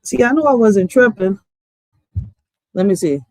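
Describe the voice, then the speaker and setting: A woman's voice: mid-range voice, lively intonation, measured pace, slight background noise. A woman in her thirties, a poet and streamer, chatting casually to her viewers in a loose, profane way and laughing often. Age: 30s.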